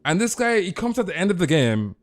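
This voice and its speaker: This young man's voice is high-pitched and brisk as he streams a game and chats casually with his viewers. He rambles through his stories, animated and full of slang.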